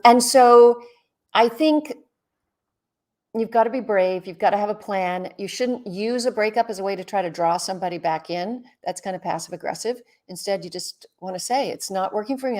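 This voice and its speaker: A relationship expert hosts a live advice stream, a chatty woman with a medium-pitched voice who sounds worn out after a long day. She reads viewer comments aloud and answers them bluntly. Her webcam mic catches her drifting closer and farther away.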